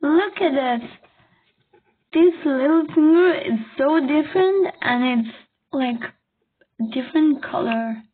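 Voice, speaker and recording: A high-voiced woman reacts through tears, slow and halting as she keeps repeating and apologizing. The sound is thin and tinny, like a phone line. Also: animated. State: crying. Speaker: reaction video host. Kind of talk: emotional reaction commentary.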